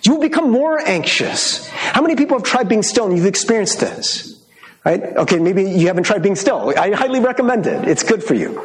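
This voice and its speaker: A pastor gives a casual, conversational sermon, laughing easily as he speaks. His voice sits high and swings widely in pitch. The sound carries a roomy echo. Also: brisk. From Michigan. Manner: conversational and animated, with frequent laughs.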